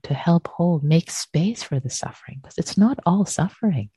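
A woman with a low, breathy voice gives a gentle dharma talk at an unhurried pace. She repeats phrases softly, like a meditation teacher. The sound is dry and close. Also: animated, no echo.

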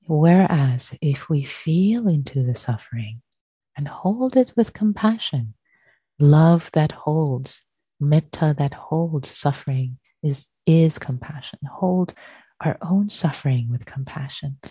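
A woman giving a gentle dharma talk as a meditation teacher, repeating phrases softly. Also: deep voice, animated, takes it slowly, slightly rough, no echo, lo-fi sound.

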